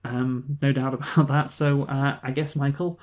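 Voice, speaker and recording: A man's voice: medium pitch, little pitch movement, normal speed, a little mellow. A young man co-hosting a film review show, casual and joking, with frequent hesitant restarts. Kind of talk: casual chat.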